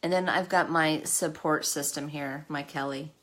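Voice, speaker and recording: A woman's voice: deep voice, steady tone, moderate pace, a bit bright. A woman hosting a live makeup stream, chatty and emotional, talking to her viewers by name. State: tearful at times. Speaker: makeup livestream host. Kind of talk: casual live makeup chat.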